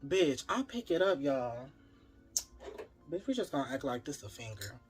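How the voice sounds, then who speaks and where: A man's voice: mid-range voice, moderate pace, soft background music. A man telling a wild personal story in a casual, profane style, talking straight to his viewers. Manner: animated, profane, talks to viewers as y'all.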